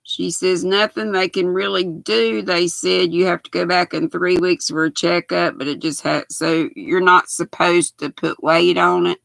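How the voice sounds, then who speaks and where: A raspy-voiced older woman with a Southern drawl hosts a relaxed knitting livestream, chatting with viewers in a folksy way. Her unhurried talk has a gravelly edge, and the sound is dry, close and bright, picked up by a built-in laptop mic. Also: fairly low pitch, no echo. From United States. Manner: chatty, folksy, reads viewer comments aloud. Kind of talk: casual livestream chat.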